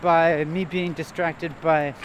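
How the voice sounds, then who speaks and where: A man vlogging as he walks a nature trail, thinking aloud in a halting, hesitant way and repeating words. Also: fairly high pitch, little pitch movement, dull audio. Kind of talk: rambling self-reflective monologue while walking. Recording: faint outdoor noise.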